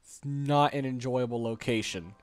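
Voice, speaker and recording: A man's voice: medium pitch, moderate pace. A man giving casual, jokey commentary while playing a video game, grumbling at the levels. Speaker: let's play host.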